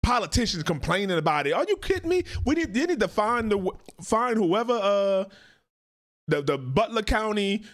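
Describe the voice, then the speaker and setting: Man, reaction host, casual ranting commentary, profane, fairly high voice. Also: moderate pace. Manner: blunt, profane, animated ranting.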